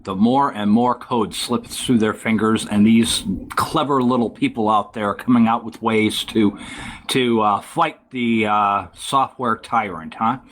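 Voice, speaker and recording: A man hosting a casual tech talk show, rambling and halting with many fillers. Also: on the low side, a bit bright, a little hiss or hum. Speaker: podcast host.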